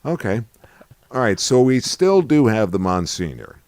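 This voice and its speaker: Male co-host, very low but lively pitch, teasing and playful, dry close mic. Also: a little slow, clean tone, no room sound. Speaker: co-host asking questions. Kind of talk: casual Q&A chat.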